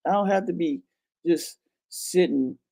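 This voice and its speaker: A woman's voice: fairly low pitch, measured pace, creaky, warm tone. A woman in her fifties telling a story in a casual chat, frank and profane, laughing as she goes. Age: 50s. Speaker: channel host.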